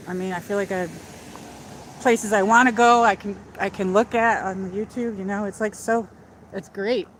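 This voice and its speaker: Brief: woman host, casual outdoor walk-and-talk stream, mid-pitched, chatty, a bit breathless, phone mic. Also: a little hiss or hum. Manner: chatty and rambling, with many "like"s and restarts. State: a little out of breath from walking. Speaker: livestream host. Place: outdoors, walking by a lake.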